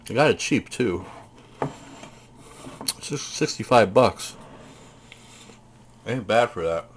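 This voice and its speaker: A man's voice: on the low side, animated, slow, a little hiss or hum. Rambling man. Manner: chatty, rambling, tells stories; eats while talking. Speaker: vlogger showing purchases. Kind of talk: casual rambling vlog.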